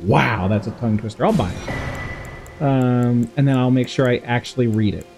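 A man's voice: mid-range voice, normal speed, vocal fry, music in the background. A man streaming a game live, commenting in a playful, giggly and goofy way. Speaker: gaming streamer. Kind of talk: live let's-play commentary.

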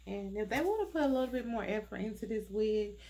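A woman's voice: mid-range voice, animated, warm tone. A woman hosting a casual wig review vlog, chatty and full of fillers, talking through a congested, sinus-blocked nose. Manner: unhurried, chatty, many fillers. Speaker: wig reviewer, channel host.

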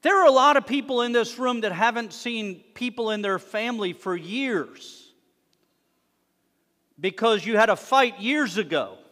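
A man preaching a sermon to his congregation, animated, swinging between loud emphasis and hushed asides. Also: high voice, unhurried. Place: synagogue sanctuary. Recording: long reverb of a worship hall.

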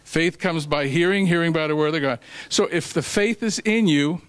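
A man with a fairly high, fairly bright, clear and resonant voice preaches at a moderate pace at a ministry meeting. His sermon includes a folksy story, scripture quotes and a joke, with some restarts along the way. The recording is rough but has no room sound.

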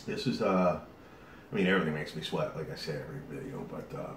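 A deep-voiced man rambles chattily to his viewers, sweating from a hot pepper and leaning on fillers as he talks. He sits back from the mic in an echoey room, and a faint hiss runs under his voice. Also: fast talker, far from the mic. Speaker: YouTube host. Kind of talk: casual vlog talk to camera.

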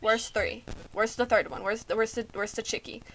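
A woman's voice: fairly high pitch, steady tone, moderate pace, a bit bright. A young woman playing a horror game on her channel, nervous and scared, repeating herself with shaky laughs, saying she feels lightheaded. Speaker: gaming YouTuber. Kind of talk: let's play commentary.

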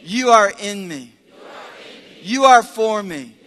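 A man preaching as pastor, leading a congregation in call-and-response and swinging between shouted praise and quiet prayer. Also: sits high, animated, slow, some chatter behind. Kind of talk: sermon.

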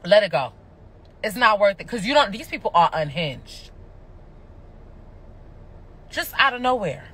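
A woman's voice: mid-range voice, big pitch swings, unhurried, long pauses, fairly bright tone, slightly rough. A woman ranting on a livestream, passionate, annoyed and cursing, talking indoors at home into a phone. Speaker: reality TV personality going live. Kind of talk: livestream rant.

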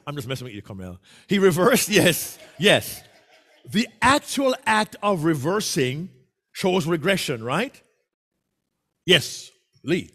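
Lively Jamaican-accented speaking coach. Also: male voice, fairly high pitch, unhurried, slightly rough. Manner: animated, coaxing answers from the audience. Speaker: workshop presenter. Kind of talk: interactive speaking lesson. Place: meeting room with a hybrid online audience.

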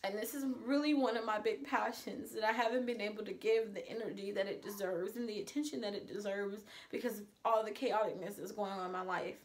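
A woman's voice: mid-range voice, fairly even intonation, brisk, hardly any pauses. A woman talking to the camera in a casual personal vlog, earnest and confessional, at times emotional. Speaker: vlogger.

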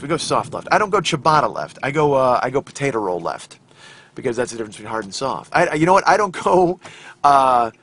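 A hoarse, medium-pitched man hosts a rambling, profane, self-mocking comedy podcast while driving. He records it on his phone inside the car, with road noise audible.

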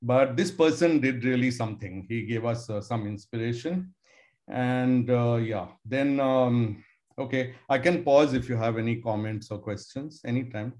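A man's voice: mid-range voice, normal speed, a little mellow. A man, a professor telling stories to students in a casual, musing way with many fillers. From India. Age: 60s. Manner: conversational, musing, with hedging fillers. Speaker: professor giving a talk. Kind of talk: storytelling lecture to students.

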